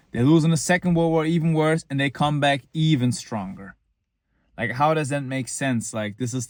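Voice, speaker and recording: A man's voice: medium pitch, no room sound, studio quality. A young man from Germany talking casually to camera in an earnest, rambling way, with many fillers and restarts. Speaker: vlogger.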